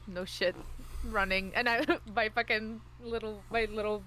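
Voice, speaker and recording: A woman playing a tabletop game, excitable and cursing freely as she talks. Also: mid-range voice, unhurried, slight background noise, poor audio. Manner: profane, excitable. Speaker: player.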